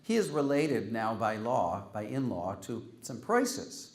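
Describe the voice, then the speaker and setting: A man's voice: mid-range voice, very animated, measured pace. A man hosting an event and handing out humorous awards, teasing the recipients in a wry way and reading Latin quotes aloud. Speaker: host handing out joke awards. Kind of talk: humorous after-dinner award speech.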